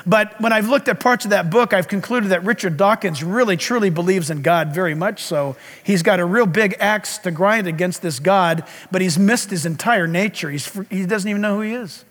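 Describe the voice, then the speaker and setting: A man preaching a sermon as pastor, telling stories in an animated way and breaking into loud calls. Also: high-pitched, normal speed, hardly any pauses, long reverb tail.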